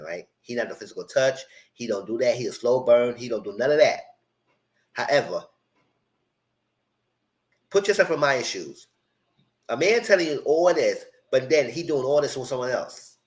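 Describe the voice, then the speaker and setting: A man giving a casual, animated live recap of a reality show, full of quoted asides. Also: medium pitch, poor audio.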